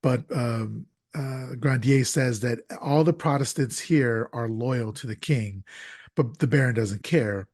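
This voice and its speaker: A man hosts a casual podcast about films, recapping a plot with frequent ums and restarts. His mid-range voice is darkish and a little slow, with studio-quality sound and no room echo.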